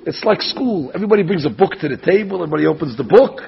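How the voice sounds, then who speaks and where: A man giving an animated sermon as a rabbi, telling stories and acting out the quotes. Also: on the high side, racing, vocal fry, husky, highs cut off. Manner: animated storytelling, acts out quotes.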